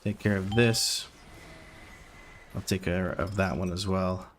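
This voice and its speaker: A man's voice: low voice, fairly even intonation, takes it slowly, a little hiss or hum. A man streaming a game, giving running play-by-play with wry asides to his chat. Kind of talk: live gameplay commentary.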